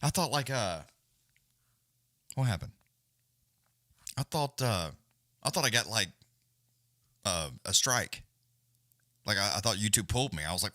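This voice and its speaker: Man, live-stream host, low voice, bright edge, swears a lot, rambling. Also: unhurried, long pauses, dry recording, studio quality. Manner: rambling, profane, animated. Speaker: livestream host. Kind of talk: casual live-stream chat.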